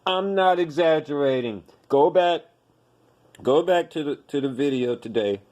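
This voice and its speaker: A man's voice: mid-range voice, a little mellow. A man hosting a podcast, ranting in blunt, profane commentary and hammering his points with repetition. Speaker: podcast host.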